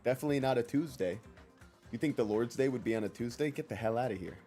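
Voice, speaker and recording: A man's voice: medium pitch, fast talker, warm tone. A young man streaming a game, chatting casually with his viewers, joking around and reading out chat messages in silly voices. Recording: faint music behind.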